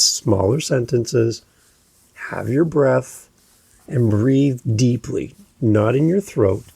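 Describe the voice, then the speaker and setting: A man's voice: mid-range voice, creaky, mellow, husky, no room sound. A man hosting a podcast lesson, explaining delivery tips step by step and demonstrating inflection with examples. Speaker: podcast coach. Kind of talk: instructional podcast talk.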